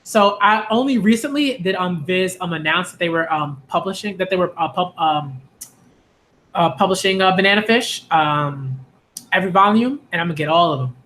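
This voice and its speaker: Bright-voiced New man, rambling casually. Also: high voice. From Hollis, Queens, New York. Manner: rambling, many fillers and restarts. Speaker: anime and manga video host. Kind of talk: casual monologue to camera.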